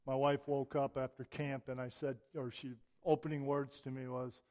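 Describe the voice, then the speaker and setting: A man's voice: mid-range voice, level tone, moderate pace, hardly any pauses, darkish tone. A middle-aged man preacher giving a conversational sermon, mixing wry humor into his lesson.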